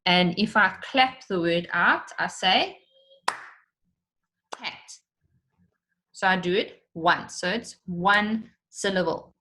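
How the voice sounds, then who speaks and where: A woman's voice: mid-range voice, unhurried, few pauses, bright, forceful tone. A woman teacher giving an online lesson for children, explaining step by step and stretching out words to show their syllables.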